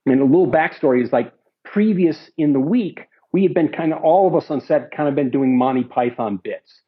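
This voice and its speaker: A man's voice: fairly high pitch, fairly quick, breathy edge. An older man from the United States, a guest in an interview, telling rambling anecdotes with frequent restarts. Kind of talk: casual storytelling. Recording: slightly dull lo-fi recording.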